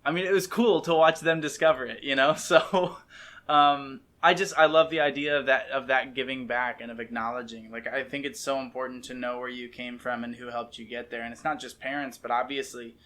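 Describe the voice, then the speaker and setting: An enthusiastic man with a Midwestern American accent talks through a reaction video in a rambling, self-interrupting way. His voice is bright and sits at an average pitch for a man. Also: steady tone, brisk. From Ohio, USA. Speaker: reaction video host, actor and filmmaker. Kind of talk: casual reaction commentary.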